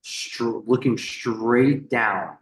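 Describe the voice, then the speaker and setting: A man on a podcast, telling a story in a casual, animated way. He swears freely, repeats words and acts out the people he quotes. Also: mid-range voice, very slow, reverberant, low-quality recording. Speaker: podcast guest.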